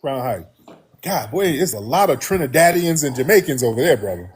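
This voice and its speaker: A man hosting a call-in radio show, talking in a preachy, mocking way and acting out quoted voices in a high pitch. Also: lively intonation, moderate pace, husky. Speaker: radio show host taking callers. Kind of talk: animated call-in talk.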